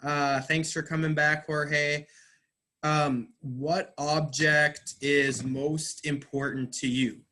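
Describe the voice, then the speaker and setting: A man teaching English, explaining slowly and patiently, stressing words. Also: on the high side, level tone, bright, forceful tone. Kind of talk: online class teaching.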